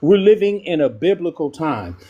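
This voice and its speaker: A man takes his turn in a live online debate with a husky, slightly breathy voice. He talks with swinging, animated pitch and raw passion. His thoughts come in halting bursts broken up by fillers. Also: narrow, tinny audio. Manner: passionate, emotional, many "um" pauses. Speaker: debate panelist.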